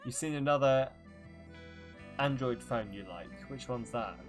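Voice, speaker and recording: A man's voice: mid-range voice, a little slow, soft background music. A young man streaming a game and chatting casually, swearing freely and correcting himself as he goes. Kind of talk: casual live-stream chat while gaming.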